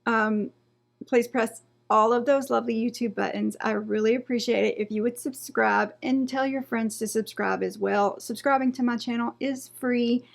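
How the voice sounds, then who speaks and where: A woman's voice: fairly high pitch, fairly even intonation, moderate pace, vocal fry. A woman doing a casual beauty unboxing vlog, reading product blurbs aloud and trailing off and restarting as she goes. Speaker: beauty vlogger.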